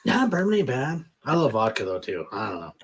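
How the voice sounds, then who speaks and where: A man's voice: medium pitch, a little fast, a little hiss or hum. A man hosting a casual podcast and closing out the episode in an easygoing, filler-heavy way. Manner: relaxed, easygoing sign-off with fillers. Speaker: podcast host. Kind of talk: casual chat.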